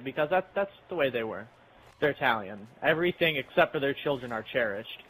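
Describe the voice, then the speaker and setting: A man's voice: mid-range voice, lively intonation, brisk, a bit bright, a little hiss or hum, rough recording. A young man casually telling a rambling, profane story while playing a game with friends. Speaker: channel host.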